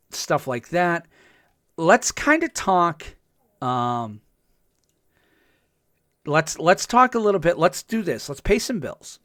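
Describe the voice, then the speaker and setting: Recorded dry in studio quality, a male podcast co-host enthusiastically and casually runs through a TV episode, dropping plenty of fillers. His mid-range voice comes across bright and forceful.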